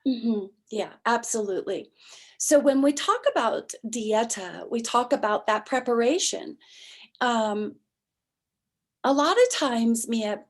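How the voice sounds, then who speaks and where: Woman, fairly high voice, very slow unhurried delivery, soft and heartfelt, spiritual podcast host. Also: animated. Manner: soft, slow, heartfelt, drifting into near-whispers. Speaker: podcast host and ayahuasca facilitator. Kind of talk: casual spiritual chat.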